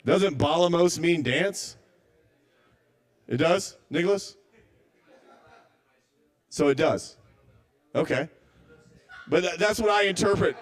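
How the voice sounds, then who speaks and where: At a small live open mic, a man performs stand-up in a slightly high voice, slowly and with long pauses. He rambles, stammers and starts over, doubting his own material.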